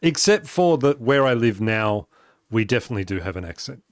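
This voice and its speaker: A man's voice: on the low side, big pitch swings, brisk, dry recording, clean studio sound. A man streaming a building game, chatting casually, laughing often and answering his chat aloud as he plays. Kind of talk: casual live-stream chat while playing.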